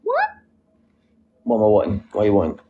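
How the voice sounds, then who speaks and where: A man's voice: lowish voice, wildly swooping pitch, fairly quick, highs cut off. A man chatting casually on a live stream, reading out viewers' comments and answering them. He sits outdoors on a wall and talks into a phone.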